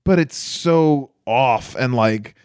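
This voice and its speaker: A man's voice: mid-range voice, slow, a little mellow, clear, resonant tone, no room sound. Male podcast co-host, opinionated film talk, mid-range voice, dry recording. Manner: chatty, wry and opinionated. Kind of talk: casual chat reviewing a film.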